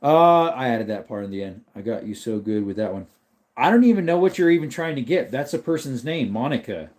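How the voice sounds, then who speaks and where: Guy rambling on his livestream, chatting w/ viewers and his dog, middle pitch. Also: lively intonation, fairly quick, a little mellow. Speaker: livestream host. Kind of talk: casual livestream chat with viewers.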